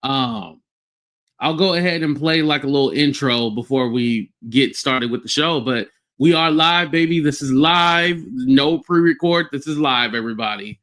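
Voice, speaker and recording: A man's voice: mid-range voice, normal speed, fairly bright tone. A man hosting a live-streamed podcast, ranting bluntly with swearing and greeting chat viewers by name. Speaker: podcast host.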